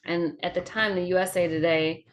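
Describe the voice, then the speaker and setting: A woman's voice: on the low side, fairly even intonation. A woman from Georgia with a Southern accent, a comedian telling a chatty, profane story over drinks. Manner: chatty, profane, quick anecdotes. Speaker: comedian guest.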